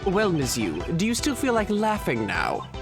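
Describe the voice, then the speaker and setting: A man reading a stern, sharp-witted male prosecutor aloud during a game playthrough, with a formal, deliberate delivery. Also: high-pitched, huge pitch swings, music in the background, heavily acted. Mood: confident.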